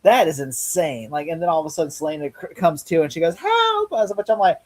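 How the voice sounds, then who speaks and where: A man's voice: fairly high pitch, quick pace, dark tone. A man hosting a podcast in casual chat, rambling through retellings, acting out lines and laughing often. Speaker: podcast host.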